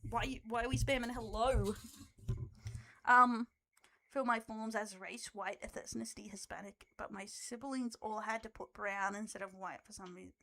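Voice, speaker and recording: Aussie girl streamer, kinda high voice, giggles a ton, swears, super casual chat. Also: steady tone, moderate pace, bright, forceful tone. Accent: Australian. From Australia. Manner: giggly, laughs often, swears, teasing.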